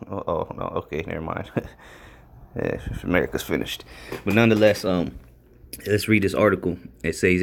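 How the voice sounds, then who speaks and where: Blunt, rambling low-voiced male preacher. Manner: rambling, blunt, repeats words, stresses key words. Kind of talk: casual scripture lesson.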